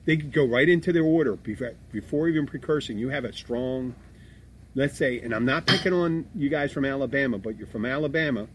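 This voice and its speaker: A middle-aged man hosting a casual podcast about bar work, talking in a rambling, profane way with many restarts. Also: mid-range voice. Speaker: podcast host, bartender. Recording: faint background noise.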